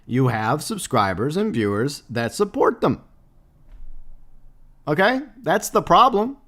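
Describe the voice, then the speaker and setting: A man's voice: fairly high pitch, very animated, slow, a bit bright. Rambling, blunt man chatting on a livestream. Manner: rambling, blunt, swears freely, many fillers. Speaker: livestream host. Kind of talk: casual live-stream chat reading viewer comments.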